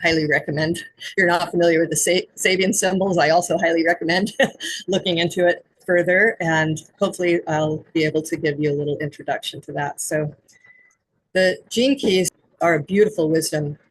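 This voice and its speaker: A woman's voice: lowish voice, fairly even intonation, brisk, slightly rough, rough recording. A woman who works as an intuitive guide, explaining spiritual astrology in an earnest way.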